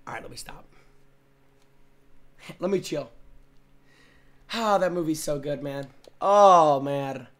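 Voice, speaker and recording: A young man streaming and reacting to game clips, brash and profane, often breaking into shouting. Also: a little high, slow, pauses often. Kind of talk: loud casual stream commentary.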